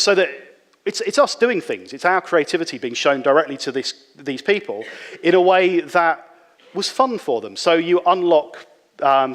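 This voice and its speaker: A man giving a relaxed, conversational conference talk, with frequent fillers and restarts. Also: mid-range voice. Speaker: conference speaker. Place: conference hall. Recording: reverberant hall.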